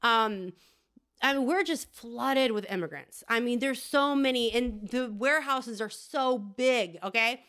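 A woman's voice: a little high, unhurried, a bit bright. A woman podcast host doing a rambling, crude comedic monologue, often tagging "okay?".

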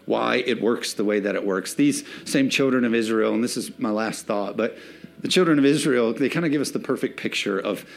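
Before a congregation in a church sanctuary, a pastor preaches a loose, conversational sermon sprinkled with jokes. He talks briskly in a mid-range, creaky voice.

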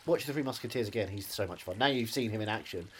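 A man co-hosting a podcast, rambling through absurd jokes in a deadpan, casual way. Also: on the low side, fast, a little hiss or hum. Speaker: podcast co-host. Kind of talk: casual comedic chat.

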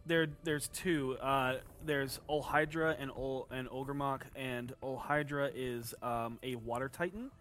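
A man narrating a tabletop game as game master, animated and laughing often. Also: medium pitch, a little slow, hardly any pauses.

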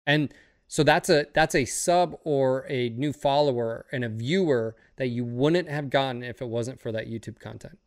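A man in casual podcast talk, rambling and swearing freely as he gets worked up. His voice sits at an ordinary pitch. The recording is dry and close, with no room echo. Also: moderate pace. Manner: rambling, profane, fired up. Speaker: streamer and podcast host.

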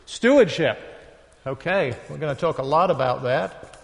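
A man in his sixties with a northeast English accent, giving a talk to a live audience in a halting, conversational way. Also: on the high side, lively intonation, vocal fry. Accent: northeast English, softened by decades in the US. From northeast England. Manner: conversational, halting, with many fillers and self-deprecating asides. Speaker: guest speaker at a retreat. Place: large hall with an audience. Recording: long reverb of a large hall.

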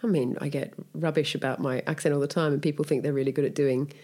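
A woman's voice: low-pitched, fairly even intonation, quick pace, warm tone. An Australian actress in her thirties, chatting upbeat in an interview and laughing often. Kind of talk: casual interview chat.

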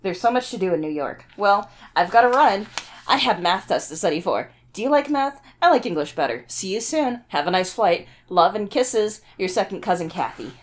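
A woman's voice: mid-range voice, very animated, normal speed, lightly acted. A woman voicing an earnest preteen girl reading a friendly letter to her cousin. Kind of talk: comic book reading.

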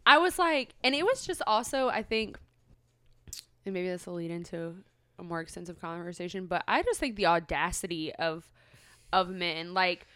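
A woman's voice: on the low side, moderate pace, clean tone, no echo. A young woman co-hosting a podcast, telling a story in casual chat with lots of filler words. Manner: animated storytelling, many "like" fillers. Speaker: podcast co-host.

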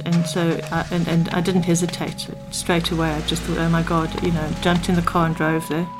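An older woman from South Africa tells her story in an earnest, reflective way, her voice sitting fairly low. She recounts her time as a spy with quoted dialogue, and music plays under her speech. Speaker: former spy interviewee. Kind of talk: personal storytelling.

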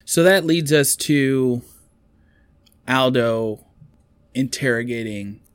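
A man's voice: mid-range voice, clean tone. Man casually recapping a film. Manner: rambling storyteller, quick quotes of characters.

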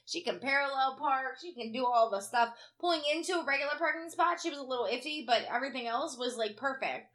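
Female podcast co-host, bright, slightly high voice, worn-out, swears freely, lively storyteller. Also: fast talker, hardly any pauses. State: tired. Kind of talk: casual chat.

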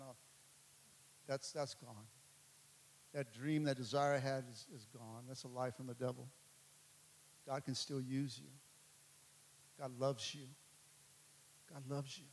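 A man's voice: medium pitch, a little hiss or hum. Passionate preacher man in a reverberant hall. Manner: passionate, repeats phrases, builds to loud climaxes. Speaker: pastor. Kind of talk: sermon. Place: church hall. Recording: long reverb of a large hall.

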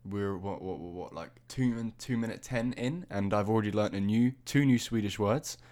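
A man's voice: on the low side, moderate pace, a little mellow. A young British man co-hosting a podcast in casual chat, rambling and hesitant. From Britain. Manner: rambling, hesitant, easily amused. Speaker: podcast co-host.

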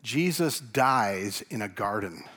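Animated man preaching a sermon. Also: on the low side, takes it slowly, slightly rough. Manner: animated preaching, swings from loud to hushed. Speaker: pastor. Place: church.

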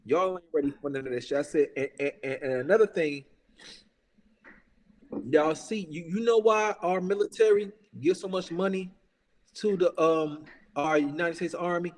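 Heated, profane man ranting, fairly high voice. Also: normal speed, big-room sound. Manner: profane, emphatic, repeats himself and says "bruh". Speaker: podcast talker. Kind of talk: heated casual podcast rant.

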